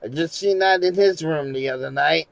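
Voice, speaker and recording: A man live streaming in casual chat, rambling and swearing, going from mumbles to loud rants. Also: a little high, moderate pace, vocal fry, no echo, rough recording. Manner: rambling, profane, shifts from mumbling to loud ranting.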